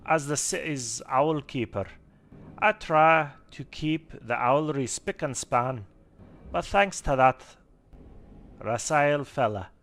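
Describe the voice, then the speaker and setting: A man's voice: mid-range voice, a bit bright, pitched above the performer's own voice. A man voicing a fussy female gnome owl keeper in a put-on Scottish accent that slips into Irish. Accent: put-on Scottish with Irish mixed in.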